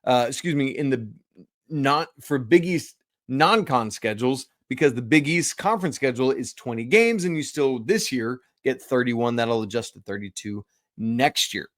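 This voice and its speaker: A man hosting a college basketball podcast in a loose, chatty way, full of quick self-deprecating asides. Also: medium pitch, dry recording, studio quality. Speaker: podcast host. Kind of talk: casual sports talk.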